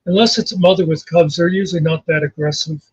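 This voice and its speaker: Male co-host, high and husky, easygoing anecdotes, dry muffled recording. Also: fairly even intonation, fast, no room sound. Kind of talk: casual chat.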